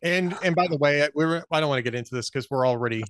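A man's voice: fairly high pitch, racing, fairly bright tone, dry recording, clean studio sound. A man hosting a podcast, chatting casually about politics with a guest and telling wry jokes. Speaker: podcast host.

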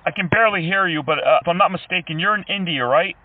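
A man's voice: sits high, quick pace, recorded from a distance. A man making a prank phone call, complaining with mock indignation and needling the person on the line. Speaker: prank caller trolling scammers.

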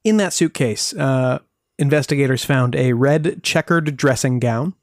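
A man's voice: medium pitch, unhurried, no echo. A man co-hosting a podcast, telling a mystery case with dry jokes in casual chat. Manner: dry, joking storyteller. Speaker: podcast co-host.

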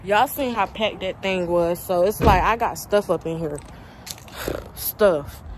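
Chatty woman vlogging over loud outdoor noise. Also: lowish voice, measured pace. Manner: chatty, storytelling, addresses viewers as y'all. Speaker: family vlogger. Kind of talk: casual vlog chat to viewers. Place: storage unit, partly outdoors.

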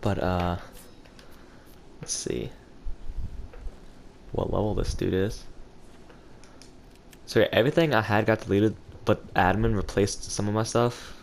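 A man's voice: fairly low pitch, normal speed, vocal fry, a little hiss or hum. A young man with a cold and a stuffy nose, casually commentating a video game as he plays and thinks aloud. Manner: rambling, thinking aloud while playing. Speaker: gaming channel host.

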